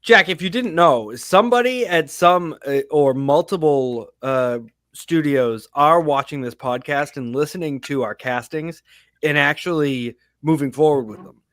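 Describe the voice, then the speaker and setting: Male co-host, slightly high voice, dry close mic, cursing, animated storyteller. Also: a little slow, no room sound. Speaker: podcast co-host. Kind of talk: casual movie podcast banter. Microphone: podcast studio mic.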